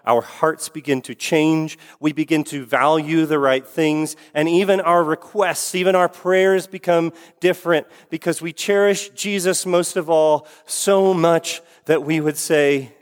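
A man's voice: a little high, steady tone, a little slow, hardly any pauses. A man preaching a sermon as pastor in a church sanctuary, earnest, repeating key phrases for emphasis. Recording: long hall reverb.

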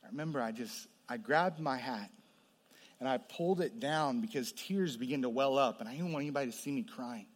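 A man's voice: medium pitch, brisk. Preaching man in a reverberant hall. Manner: swings from hushed storytelling to loud impassioned preaching. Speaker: pastor. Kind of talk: sermon testimony. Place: large hall with audience.

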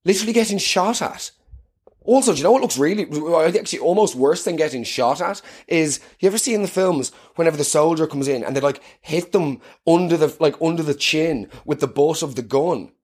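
Irish comic in his thirties, lively ranting monologue, pitched a little high. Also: brisk, husky. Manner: animated, swearing, self-mocking rants. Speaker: comedian.

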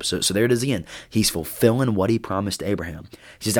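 Youth pastor, male, low voice, earnest and conversational, podcast teaching. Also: brisk. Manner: earnest, conversational, with fillers and restarts.

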